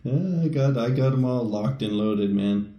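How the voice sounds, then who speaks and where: A man's voice: medium pitch, normal speed, dark tone, echoey room. A man co-hosting a casual podcast, rambling and self-mocking, laughing often. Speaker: podcast co-host.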